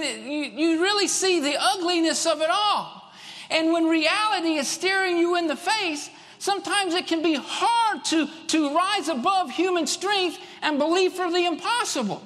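A man preaching a fervent sermon, repeating lines for emphasis and rising to shouts. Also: very high voice, moderate pace, long reverb tail.

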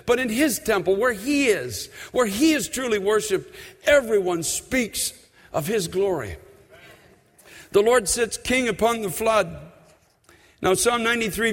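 A man preaching a sermon in a church, impassioned, slowing and stretching words for emphasis. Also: sits high, big-room sound. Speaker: pastor. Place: church sanctuary.

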